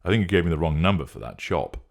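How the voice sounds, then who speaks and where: A man's voice: low-pitched, very animated, fast talker, vocal fry, heavily acted. A man reading a story, voicing a worried, protective man asking earnest questions on the phone. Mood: concerned.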